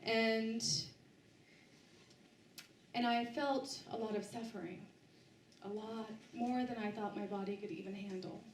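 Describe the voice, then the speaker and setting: A woman's voice: on the high side, steady tone, echoey room, distant mic, slight background noise, low-quality recording. A woman giving a book talk to a live audience, sharing a personal story with many restarts and fillers. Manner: halting, with frequent restarts and fillers. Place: bookstore event space, indoors.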